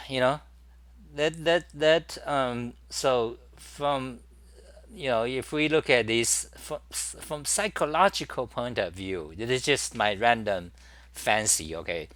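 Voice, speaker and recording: A man's voice: medium pitch, lively intonation, slow, pushed and bright, no room sound. A man hosting his own talk show in a casual, rambling monologue, full of fillers and restarts.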